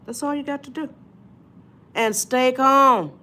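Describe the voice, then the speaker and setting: A woman's voice: high-pitched, unhurried, sharp tone. A woman hosting a live stream, giving an emphatic motivational talk and often checking in with "you see?". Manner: emphatic, repeats "you see?", addresses viewers as y'all.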